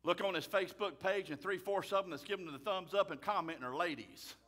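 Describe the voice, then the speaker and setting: A man, a pastor preaching a fiery sermon loudly and emphatically. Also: sits high, quick pace. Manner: loud, emphatic, raises his voice.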